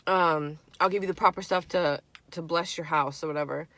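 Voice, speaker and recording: A woman's voice: sits low, fairly quick, few pauses, dry recording. Chatty profane young woman vlogger. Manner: chatty, profane, animated storyteller acting out friends' lines. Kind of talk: casual storytime while eating.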